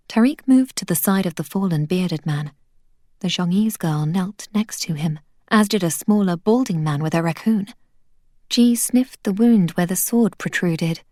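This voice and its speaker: A woman reading a children's adventure novel aloud in a steady, soft-spoken way. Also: on the low side, measured pace, dry recording, studio quality. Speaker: audiobook reader.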